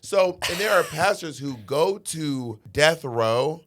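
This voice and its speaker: A man from Alabama hosts a casual podcast chat. His pitch swings widely as he jokes and laughs, and he tells his stories with animated energy. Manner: animated, joking, quick to laugh. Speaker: podcast host.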